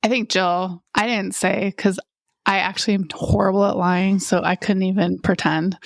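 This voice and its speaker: Gravelly-voiced woman in game banter. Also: mid-range voice, fairly even intonation, normal speed, no room sound. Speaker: player. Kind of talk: casual tabletop gameplay chat.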